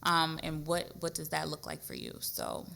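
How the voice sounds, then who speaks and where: A woman in her thirties speaks with a low but bright, forward tone. She tells stories with emphasis and animation in a relaxed conversational chat. Her voice sits deep for a woman yet sounds crisp and lively. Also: moderate pace. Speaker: guest, social worker. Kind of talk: casual conversation.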